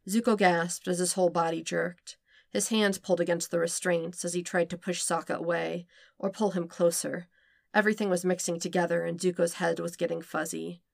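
Low, gravelly woman narrating. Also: little pitch movement, a little fast, no room sound, clean studio sound. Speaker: podfic reader. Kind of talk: narrating fan fiction.

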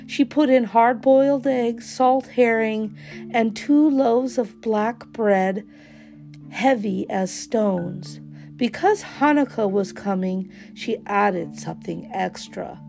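A woman reading a children's storybook aloud in a slow, expressive way. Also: fairly high pitch, vocal fry, faint music behind.

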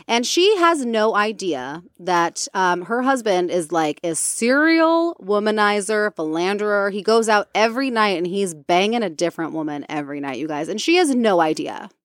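A woman co-hosting a podcast, chatting casually as she retells a movie story, animated and quick to slip into playful impressions. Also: medium pitch, no room sound, clean studio sound. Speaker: podcast co-host.

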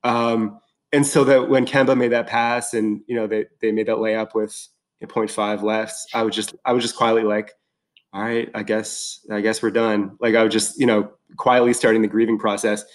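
A man chatting casually as a guest, excited and rambling, full of fillers and restarts. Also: lowish voice, moderate pace. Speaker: podcast guest. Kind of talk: casual chat.

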